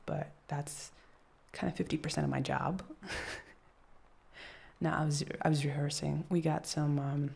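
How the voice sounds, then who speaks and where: A woman in a whispered role-play as an anxious actress girlfriend, soft-spoken and rambling, laughing often. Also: low-pitched, gravelly, husky.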